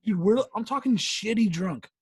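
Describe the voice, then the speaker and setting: A man in his twenties co-hosting a podcast, tipsy, casual and rowdy, swearing and laughing loudly. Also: high-pitched, moderate pace, husky. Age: 20s. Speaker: podcast co-host. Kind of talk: casual chat.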